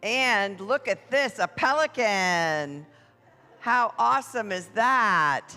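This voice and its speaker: Slow playful announcer hyping up a parade, bright voice, big echoey hall. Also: mid-range voice, expressive. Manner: playful, drawn-out announcing to families. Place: church hall. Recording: echoey hall with music behind.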